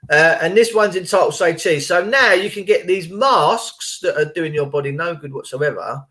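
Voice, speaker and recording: A man's voice: fairly high pitch, animated, moderate pace, sharp tone. Chatty man, rambling. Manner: chatty, rambling, retells phone calls in reported speech. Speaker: channel host. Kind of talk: casual chat.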